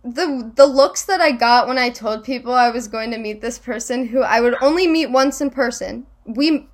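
A woman's voice: fairly high pitch, normal speed. A young woman chatting casually, telling stories with lots of fillers and laughter. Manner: giggly, animated storytelling with many fillers. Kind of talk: casual chat.

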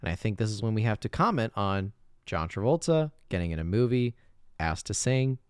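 A man's voice: on the low side, lively intonation, a little fast, clean tone, no echo, clean studio sound. A man co-hosting a podcast, casually chatting about a movie, laughing often and filling with "like.". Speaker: podcast co-host.

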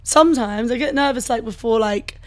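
A woman's voice: on the high side, normal speed. A young woman, chatting casually as an interview guest, full of "like" fillers and easy laughter. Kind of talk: casual chat.

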